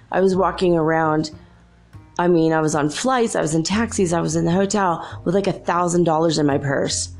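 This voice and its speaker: A woman's voice: fairly low pitch, fairly even intonation, fairly quick, darkish tone, faint music behind. A woman hosting a show, telling chatty, rambling stories in a casual monologue and laughing often. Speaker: show host.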